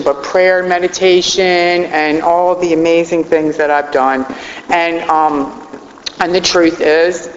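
A middle-aged woman with a low voice gives a personal testimony talk about her own recovery, heartfelt and rambling and choked up at times. The audio, recorded in a roomy hall, sounds dull and lo-fi with a little hiss or hum.

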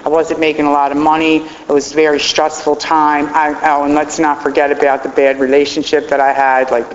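A woman's voice: low voice, level tone, a little fast. Heartfelt middle-aged woman in an echoey hall. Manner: heartfelt, rambling, choked up at times. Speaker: speaker sharing her recovery story. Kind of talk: personal testimony talk. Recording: roomy hall, dull lo-fi sound.

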